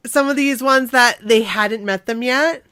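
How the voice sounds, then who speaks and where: A woman's voice: a little high, a little slow, pushed and bright, clear, resonant tone, no room sound, studio quality. A woman in her forties, guest co-host of a podcast, chatting in a bubbly, enthusiastic way. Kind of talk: casual chat.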